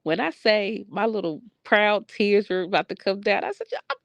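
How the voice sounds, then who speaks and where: A woman's voice: medium pitch, lively intonation, normal speed, no echo, dull audio. A middle-aged woman, a psychic medium, talking frankly and bluntly in a personal video journal.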